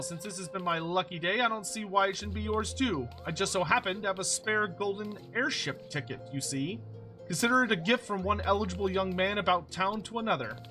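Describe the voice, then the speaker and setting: A man's voice: sits high, bright, forceful tone. A man voicing a boastful young gambler about town who speaks in a pompous, old-fashioned, flowery way, reading game dialogue aloud.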